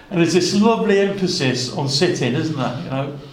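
Guy preaching a bible sermon, kinda high voice, lots of asides, echoey room. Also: lively intonation, moderate pace, slight background noise. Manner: earnest, conversational, many asides and restarts.

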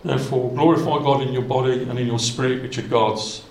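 A man's voice: medium pitch, fairly even intonation, fairly quick, a little mellow, slight background noise. Earnest preacher man in an echoey hall. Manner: earnest, conversational, many asides and restarts. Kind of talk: expository Bible sermon. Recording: echoey room.

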